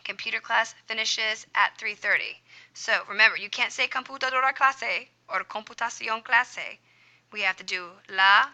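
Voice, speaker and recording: A woman's voice: on the high side, normal speed, sharp tone. A woman teaching a Spanish grammar lesson over a screen recording, upbeat and encouraging, dropping little sound effects as she writes.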